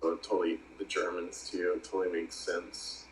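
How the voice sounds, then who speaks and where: A man's voice: deep voice, little pitch movement, fairly quick, roomy sound, a little hiss or hum, rough recording. A man co-hosting a casual chat, agreeable, chiming in with frequent mm-hmms. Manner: agreeable, lots of backchannel mm-hmms. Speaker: podcast co-host.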